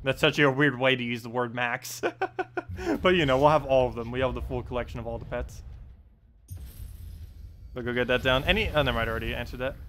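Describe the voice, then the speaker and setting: A man's voice: mid-range voice, fairly even intonation, fairly quick, long pauses, a bit bright, a little hiss or hum. A young man with a New Jersey accent giving casual, rambling commentary while he streams a game, full of ums and uhs. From United States. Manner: rambling, many ums and uhs, chuckles at himself. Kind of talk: casual live gameplay commentary.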